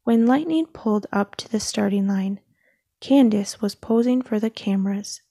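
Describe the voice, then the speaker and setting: A woman reading a children's story aloud in a soft, often whispered narration. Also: medium pitch, normal speed, husky, dry recording, clean studio sound. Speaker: storybook reader.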